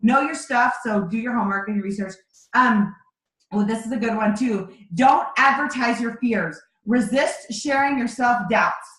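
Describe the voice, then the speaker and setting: A woman's voice: on the high side, normal speed, fairly bright tone, reverberant, rough recording. A woman leading her sales team in a motivational training over a video call, talking in a direct, emphatic coaching way. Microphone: video call microphone.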